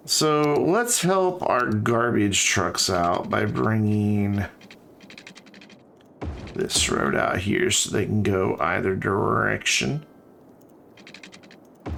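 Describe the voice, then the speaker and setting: A man's voice: on the low side, gravelly, a bit bright, a little hiss or hum. A man streaming a city-building game, chatting casually and thinking aloud as he builds. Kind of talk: casual let's-play commentary.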